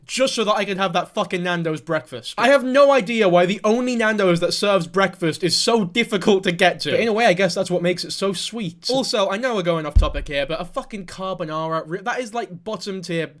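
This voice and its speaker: A young man with a British accent and a fairly high voice runs sarcastic reaction commentary. He swears freely and wanders off into tangents. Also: brisk, hardly any pauses, fairly bright tone. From Britain. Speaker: commentary host.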